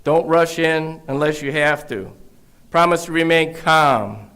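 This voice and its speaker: A man from Michigan, United States, gives a police academy graduation speech in a large room through a podium microphone. His fairly high, smooth voice is bright and forceful at a measured pace, mixing heartfelt stories, emphatic repetition and dry asides.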